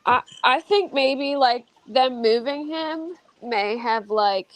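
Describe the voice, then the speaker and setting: A woman's voice: sits high, slow pace, dry recording, low-quality recording. A woman hosting a casual true-crime panel chat, talking loosely with many fillers. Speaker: host.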